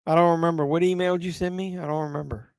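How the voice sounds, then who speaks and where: This live-stream host, tipsy from drinking, races through his words as he rambles over a movie watch-along, casually swearing and responding to viewers. His voice is slightly high, smooth, resonant, a little mellow, and steady in tone. The audio is dry and close with no room reverb.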